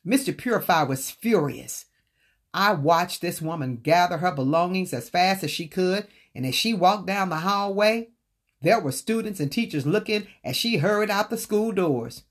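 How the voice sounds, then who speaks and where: A woman's voice: lowish voice, expressive, normal speed. A woman earnestly telling a personal story from her own book, speaking straight to her listeners. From Southern United States.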